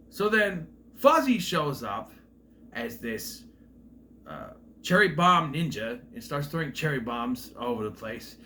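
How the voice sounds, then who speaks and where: A man's voice: lowish voice, lively intonation, normal speed, slight background noise. Rambling man recapping a movie. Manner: rambling, with restarts and asides; voices characters with loud exaggerated quotes. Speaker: film reviewer. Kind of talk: casual movie plot recap.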